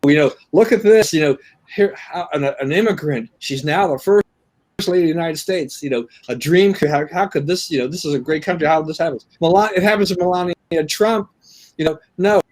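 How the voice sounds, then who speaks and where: A man's voice: a little high, a little fast, darkish tone. A man co-hosting a political talk show, agreeing and restarting his sentences often. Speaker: co-host. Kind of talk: political commentary chat.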